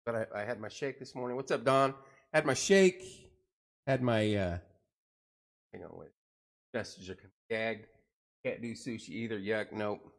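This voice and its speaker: A man's voice: on the low side, measured pace, pauses often. A middle-aged man hosting a casual live chat, joking and rambling as he tells stories and greets viewers. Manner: joking, rambling, animated storytelling. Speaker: host of a live chat show.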